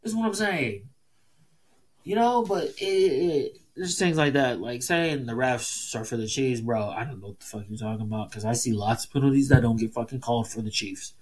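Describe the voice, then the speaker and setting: Male solo sports podcaster, casual, heated and profane, mid-range voice. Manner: heated, profane, emphatic, fast swings in pitch. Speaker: podcast host.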